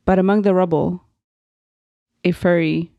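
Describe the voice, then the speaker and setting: A woman's voice: on the low side, steady tone, unhurried, warm tone, no room sound, highs cut off. A young woman co-hosting a podcast, chatting casually, laughing often and reading from her notes. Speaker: podcast co-host.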